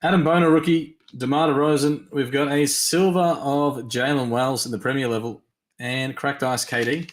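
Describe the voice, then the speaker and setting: A man hosting a live-stream trading card break, tired and yawning, chatty as he reads teams and cards in quick lists. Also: medium pitch, fairly even intonation, reverberant. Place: at a desk during a live stream.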